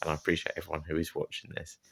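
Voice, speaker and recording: Young guy talking into his phone outdoors, low voice, bit gravelly, chatty and self-deprecating. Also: monotone, rapid-fire, a bit bright, slight background noise. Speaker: vlogger. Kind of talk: casual vlog talk to phone while running. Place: outdoors by the sea. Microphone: handheld phone.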